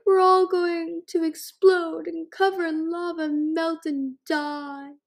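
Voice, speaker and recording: A woman's voice: little pitch movement, takes it slowly, creaky, heavily acted. A woman voicing a terrified young female dragon who wails and shrieks in panic. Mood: panicked wailing. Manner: shrill frightened wailing.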